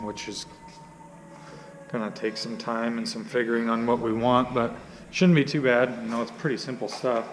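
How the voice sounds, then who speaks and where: A man talks through a truck build in a casual, rambling way, full of fillers and half-finished thoughts. His voice sits at an ordinary middle pitch. The shop adds a long reverb and a faint hum of ambience. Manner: rambling, many fillers and restarts. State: hiccuping. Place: workshop.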